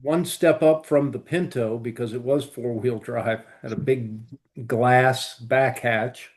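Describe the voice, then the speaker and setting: A man's voice: mid-range voice, fairly even intonation, takes it slowly. A man co-hosting a podcast, telling long rambling stories in casual chat with many fillers. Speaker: podcast co-host.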